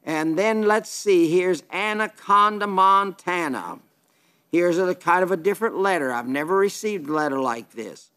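A man's voice: high-pitched, moderate pace, bright, forceful tone, clear, resonant tone. A man preaching on television in a folksy, earnest, plainspoken way, reading viewer letters and asking for support.

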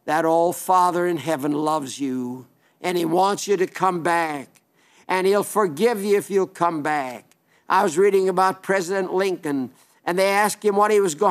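A man's voice: high-pitched, clean tone. An older man preaching an earnest sermon, pleading with listeners and repeating phrases for emphasis.

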